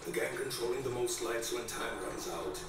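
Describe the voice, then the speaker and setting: A man's voice: medium pitch, moderate pace, a crowd in the background, lightly acted. Give me a man acting a formal contest announcer with an exotic-sounding accent, heard from afar. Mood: declaring. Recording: echoey, distant, over loud game music.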